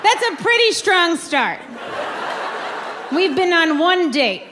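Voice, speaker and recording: A woman performing a stand-up comedy set, telling a story and acting out quoted lines with animated delivery. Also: very high-pitched, slow pace. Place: comedy club stage with audience. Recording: live club recording with crowd noise. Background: audience laughter.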